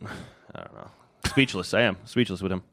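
A man's voice: low voice, very animated, normal speed, creaky, fairly bright tone, no room sound, clean studio sound. A man on a podcast telling a story in an exasperated, swearing way. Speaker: podcast guest. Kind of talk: casual chat.

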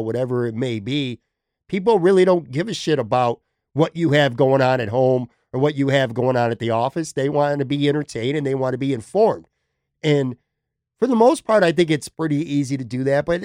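A podcast host chats loosely and candidly, circling back on his points with a bit of swearing. His voice sits a touch high, and the recording is dry and close. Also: a little mellow, no echo. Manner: rambling, self-deprecating, swears casually. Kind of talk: casual chat. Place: temporary attic room.

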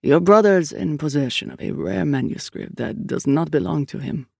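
A narrator puts on an older priest who speaks in a deep, studiously calm, measured way. His voice has a gravelly texture. It is recorded close and dry, like an audiobook. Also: dry recording.

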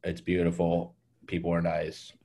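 A man's voice: low-pitched, monotone, moderate pace, mellow. A man in his thirties from Texas, a comedian chatting casually on a podcast and mocking himself, with stammering restarts. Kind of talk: casual chat.

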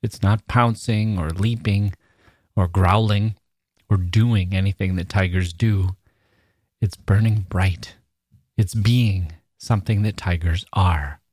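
A man's voice: sits low, steady tone, slow, a little mellow, breathy edge, dry recording, clean studio sound. A man hosting a literary podcast, talking with enthusiasm about a poem and reading lines aloud with emphasis. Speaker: podcast host.

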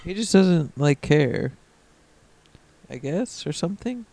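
A man's voice: fairly high pitch, lively intonation, takes it slowly, creaky, mellow. A man co-hosting a casual podcast, laid-back and teasing, answering with short replies and easy laughs. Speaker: podcast co-host. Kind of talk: casual chat.

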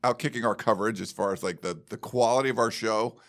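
A man's voice: on the low side, quick pace, a bit bright. A man co-hosting a podcast in a studio, in casual, rambling chat full of fillers. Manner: rambling, laid-back, lots of fillers. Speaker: podcast co-host.

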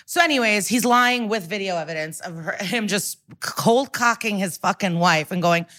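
A woman's voice: medium pitch, normal speed, fairly bright tone. A woman co-hosting a podcast, recapping an episode in casual chat with a blunt, profane and sarcastic manner. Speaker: podcast co-host.

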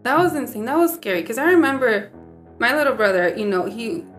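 A woman's voice: fairly high pitch, lively intonation, soft background music. A young woman co-hosting a podcast, chatting earnestly and often agreeing. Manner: conversational, earnest, quick to agree. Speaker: podcast co-host. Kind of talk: casual chat.

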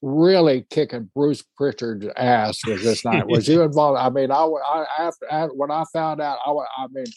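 A man's voice: medium pitch, normal speed, hardly any pauses, a little mellow, no room sound. A man hosting a casual chat, talking in a blunt, emphatic way.

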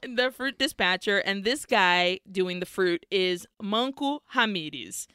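A woman co-host chats through a film's plot in a loose, animated way, cursing casually as she goes. Her voice is bright and smooth. The recording is dry and close. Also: medium pitch, a little slow, no room sound. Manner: animated storytelling with swearing and acted quotes. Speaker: podcast co-host. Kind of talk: casual chat recapping a film.

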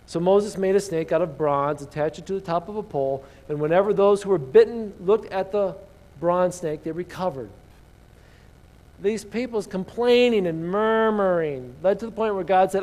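A man's voice: high-pitched, normal speed, a little mellow. A male pastor preaching a sermon, reading scripture aloud and asking his congregation questions.

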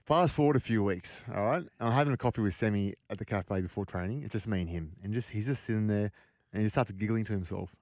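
Australian male podcast host, quick storyteller, lowish voice, dry close sound. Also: dry recording. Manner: animated anecdote teller, mimics voices. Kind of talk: casual storytelling chat.

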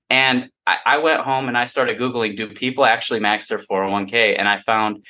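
A man's voice: medium pitch, fairly quick, few pauses. A young man in his twenties, a podcast guest, telling a story in casual chat and acting out the lines of the people in it. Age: 20s. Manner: animated storyteller, acts out quoted dialogue.

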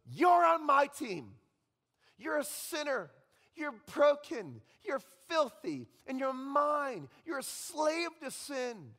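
A man's voice: very high-pitched, sing-song, slow pace, a bit bright, pitched above the performer's own voice, heavily acted. A man voicing a taunting male devil spirit who keeps hurling sneering accusations, in an echoey hall. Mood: gloating.

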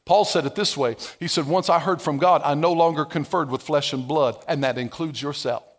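Animated high-voiced male pastor preaching. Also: fairly quick. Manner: animated, acts out biblical dialogue with playful sarcasm; conversational and humorous. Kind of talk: lively sermon.

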